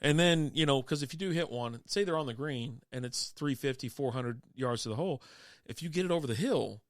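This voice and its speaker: A man's voice: medium pitch, a little fast, dry recording, clean studio sound. A young adult man co-hosting a casual chat, rambling through stories, acting out quotes and laughing often. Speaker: podcast co-host.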